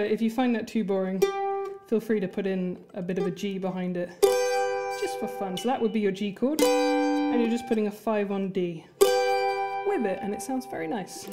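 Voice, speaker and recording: Encouraging woman teaching over plucked strings. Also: mid-range voice. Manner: friendly, encouraging, counts and chants rhythm words while playing. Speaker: music teacher. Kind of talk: instrument lesson. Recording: music playing under the voice.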